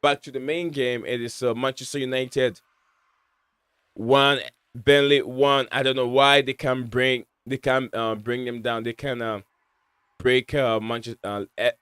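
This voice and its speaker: A man's voice: mid-range voice, flat delivery, measured pace, a bit bright, clean tone, no echo. A man hosting a live watch-along, giving casual, rambling match commentary with lots of fillers and restarts.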